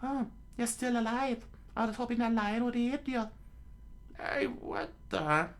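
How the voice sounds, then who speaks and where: A man voicing a fiery young woman who hates pirates, speaking in a shrill, high falsetto with open hostility. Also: measured pace. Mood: angry.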